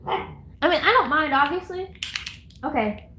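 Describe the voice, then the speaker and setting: Woman streamer, high voice, chatty and giggly, echoey room. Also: lively intonation, a little slow, pushed and bright, a little hiss or hum. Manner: rambling, giggly, talks to chat and herself. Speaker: livestreamer. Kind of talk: casual live-stream chatter. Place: at home, indoors.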